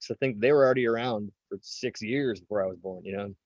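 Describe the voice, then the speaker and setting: Forty-something guy chatting loosely, kinda low voice, dry dull audio. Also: quick pace, a little mellow, no room sound. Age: 40s. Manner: rambling, many fillers and restarts. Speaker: drummer guest. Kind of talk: casual interview chat.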